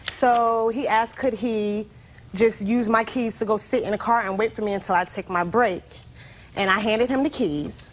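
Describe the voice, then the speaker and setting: A woman in her twenties testifying as a plaintiff, telling her story animatedly with lots of "like". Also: a little high. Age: 20s. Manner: animated storytelling, heavy use of "like". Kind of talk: courtroom testimony.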